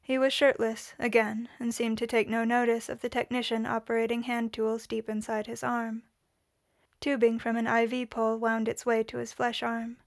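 A woman reading fiction aloud in a steady, measured narration. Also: fairly high pitch, creaky, no room sound, clean studio sound. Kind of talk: audiobook-style fiction reading.

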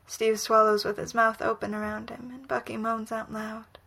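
A woman reading a romantic story aloud in whispered role-play, soft, breathy and unhurried. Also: a little high, flat delivery. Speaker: reader.

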